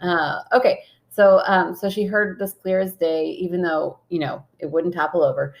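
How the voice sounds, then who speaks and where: A woman's voice: fairly low pitch, fairly even intonation, moderate pace. A young woman co-hosting a podcast, chatting casually and reading listener messages aloud, laughing often. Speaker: podcast co-host.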